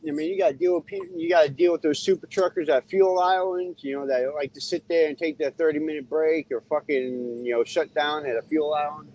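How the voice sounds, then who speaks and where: A man's voice: a little high, expressive, fairly quick, gravelly, few pauses, a little mellow, low-quality recording. A man who drives a truck, telling a blunt, profane story in casual talk from inside his cab. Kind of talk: casual storytelling while driving.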